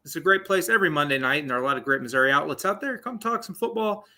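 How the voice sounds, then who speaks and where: A man's voice: on the high side, animated, racing, pushed and bright. Chatty young man hosting sports talk. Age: 20s. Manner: rambling, chatty, lots of fillers and asides. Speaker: sports podcast host. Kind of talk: casual live sports talk stream.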